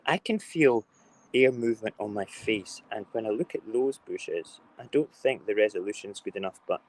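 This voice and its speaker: Chatty low-voiced man streaming from home. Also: moderate pace, low-quality recording. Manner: chatty, rambling and playful. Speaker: live stream host. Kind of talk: casual morning live stream chat. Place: home kitchen. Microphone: phone.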